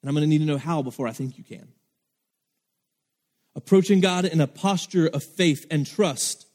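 Earnest preacher in a reverberant hall. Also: male voice, on the high side, a little mellow. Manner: earnest, emphatic preaching with acted-out quotes. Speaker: pastor. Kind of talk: sermon.

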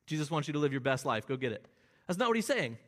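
Earnest male preacher, fairly high voice. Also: big pitch swings, fast talker, fairly bright tone. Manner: earnest expository preaching, rising emphatic on key phrases. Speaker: pastor. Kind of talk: sermon.

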